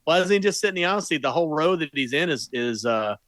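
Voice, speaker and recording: A man's voice: on the high side, lively intonation, fast, a bit bright, no echo. A man co-hosting a podcast, asking questions and correcting plot details in casual movie talk. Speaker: podcast co-host.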